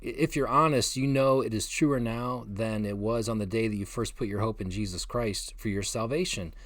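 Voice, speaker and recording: Earnest pastor, dry close sound. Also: male voice, on the low side, no echo. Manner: earnest, gentle, with emphatic pauses. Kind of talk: short devotional sermon video.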